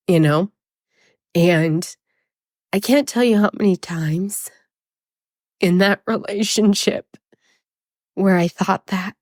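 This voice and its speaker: A woman's voice: lowish voice, fairly even intonation, slow pace, long pauses, darkish tone, dry recording, studio quality. A woman hosting a podcast, talking in a raw, emotional and blunt way with swearing, tearful as she speaks. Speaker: podcast host. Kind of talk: confessional podcast monologue.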